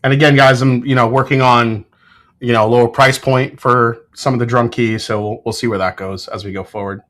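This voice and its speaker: A man hosting a casual livestream, talking in a relaxed, rambling way and reading viewer comments aloud, with plenty of fillers and restarts. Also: mid-range voice, fairly quick. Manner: frequent fillers and self-corrections. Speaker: whiskey reviewer and channel host.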